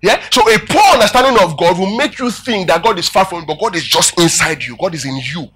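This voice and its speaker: A man preaching a sermon, animated and emphatic, calling out questions to his congregation. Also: sits high, a little fast, husky. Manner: emphatic, animated preaching with rising and falling volume.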